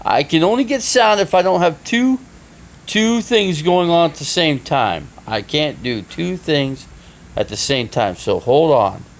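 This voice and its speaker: Male streamer, gravelly voice that swings widely in pitch, flustered and cursing, phone mic, faint noise. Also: expressive, a little slow. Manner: flustered, swearing, restarting sentences. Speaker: live streamer. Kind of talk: casual live stream talk.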